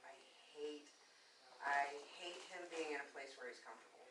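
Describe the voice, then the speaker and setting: A woman with a low voice tells stories bluntly and with plenty of swearing in a casual chat. She sits well back from the mic in an echoey room, with clear noise underneath. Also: moderate pace. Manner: blunt, profane storytelling. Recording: roomy, distant mic with noise.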